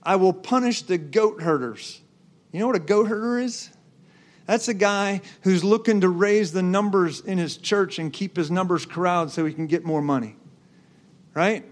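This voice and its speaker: A man's voice: high-pitched, moderate pace. A man preaching a sermon, driving his points with repeated rhetorical questions to the congregation. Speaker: pastor.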